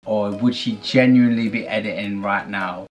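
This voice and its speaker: A man's voice: fairly low pitch, steady tone, normal speed. A middle-aged man from Britain, a vlogger dad chatting casually and teasing in a dry way. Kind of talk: casual vlog chat.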